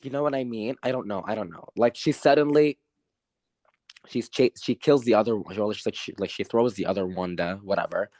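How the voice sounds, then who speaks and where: In clean studio sound without room reverb, a man co-hosting a podcast rants in frustration during a casual movie review chat, rambling and repeatedly admitting he doesn't know. His voice is on the low side with a darkish tone, and he talks a little fast.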